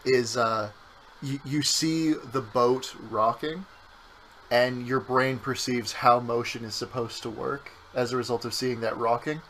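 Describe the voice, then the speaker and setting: Bright-voiced man, joking gameplay streamer. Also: medium pitch, fairly even intonation, measured pace, slight background noise, poor audio. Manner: joking, bursts into silly voices and yelps. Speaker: co-host playing a game on stream. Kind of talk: casual gameplay chat.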